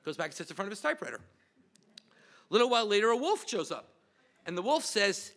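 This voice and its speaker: Bright high-voiced man hosting a memorial. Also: expressive, quick pace. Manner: anecdotal, lightly humorous storytelling. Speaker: department representative and panel host. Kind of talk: memorial speech.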